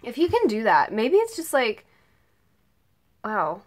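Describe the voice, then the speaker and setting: A teenage girl vlogger excitedly retelling a story in a casual, rambling way, saying "like" and "oh my god" a lot. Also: on the high side, slow pace. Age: late teens. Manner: gushing, rambling, heavy use of "like" and "oh my god".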